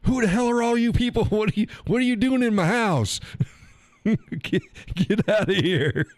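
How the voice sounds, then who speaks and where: A man voicing a confused old man with dementia who shouts at strangers in his house. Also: sits high, animated, moderate pace, no echo, pitched above the performer's own voice. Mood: bewildered. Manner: shouting, bewildered.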